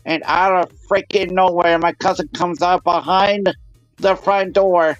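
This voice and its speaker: A man with a somewhat high voice tells a long, rambling anecdote and acts out each person's lines. His audio is dull and lo-fi, and it sounds very dry, with faint music behind him. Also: fairly even intonation, a little slow, no echo. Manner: rambling anecdotal storyteller who acts out what people said. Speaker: panel guest. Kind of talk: casual chat on a live stream.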